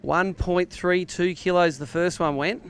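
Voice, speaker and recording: A man's voice: sits high, fairly even intonation, measured pace, slight background noise. An Australian man emceeing a live fishing weigh-in outdoors by a lake, with jokey, upbeat banter. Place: outdoor lakeside weigh-in stage.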